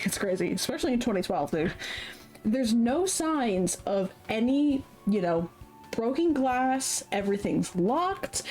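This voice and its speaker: A woman's voice: mid-range voice, a little mellow. A young adult woman streamer casually commenting while she plays a video game, chatty and irreverent, often laughing and swearing. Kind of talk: casual let's-play commentary.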